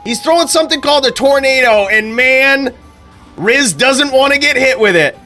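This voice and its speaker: A man's voice: very high voice, lively intonation, normal speed, pushed and bright, soft background music, pitched above the performer's own voice, full character voice. A man impersonating an overexcited fight commentator. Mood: hyped. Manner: hyped, breathless play-by-play. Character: overexcited male fight commentator stating the obvious.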